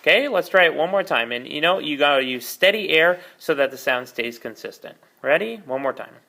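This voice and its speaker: Bright-voiced man teaching the oboe. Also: on the high side, brisk, creaky. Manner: patient, explanatory, frequent fillers. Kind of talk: step-by-step music lesson. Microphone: camera mic, repositioned during video.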